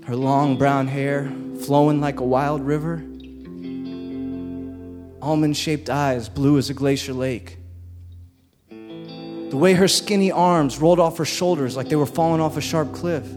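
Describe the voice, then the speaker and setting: A man telling a personal story live on stage, slow and deliberate with dramatic pauses. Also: a little high, fairly even intonation. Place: stage before a live audience. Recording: long reverb in a live hall, soft guitar behind.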